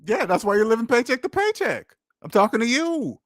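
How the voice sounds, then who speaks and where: A man's voice: very high-pitched, very animated, brisk, no room sound, clean studio sound. A man hosting a call-in money advice show, talking bluntly and preaching straight at his listeners in casual speech. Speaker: podcast host giving money advice.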